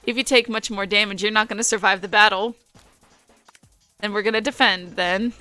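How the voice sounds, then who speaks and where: A young woman streams a dating game, her voice stuffy and nasal from a cold. Her tone is bright and sharp as she reads the story text, and she breaks in with teasing laughs and wry remarks. Faint game music plays behind her. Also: medium pitch, steady tone, moderate pace, clean tone. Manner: playful, laughing, mocking asides. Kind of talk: reading game text aloud with reactions.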